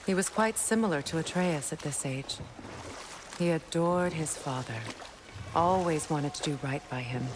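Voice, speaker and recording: A woman's voice: low-pitched, background noise. An actress playing a bitter, sarcastic goddess and grieving mother in a video game, talking in a dry, reflective way.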